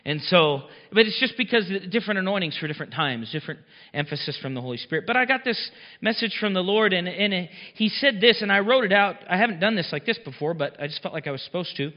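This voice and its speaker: High-voiced man preaching in a reverberant hall. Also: lively intonation, fast. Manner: conversational, emphatic preaching, laughs at own lines. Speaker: pastor. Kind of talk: sermon. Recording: long reverb, dull muffled sound.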